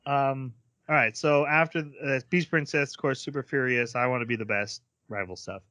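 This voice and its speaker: A man's voice: mid-range voice, fairly even intonation, normal speed, sharp tone, no room sound, studio quality. A man co-hosting a podcast, casually recapping an anime's plot and quoting the characters' lines. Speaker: podcast co-host.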